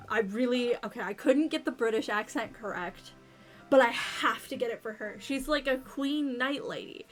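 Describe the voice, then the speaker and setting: A woman's voice: on the high side, normal speed. A woman casually commenting and reading aloud as she plays a story game, chatty and self-deprecating, over faint game music. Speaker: streamer playing a story game.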